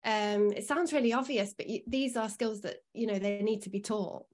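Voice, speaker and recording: A woman guest on a podcast, speaking as an early learning expert. She explains things patiently and reassuringly, in the steady tone of a teacher walking parents through the basics. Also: mid-range voice, moderate pace.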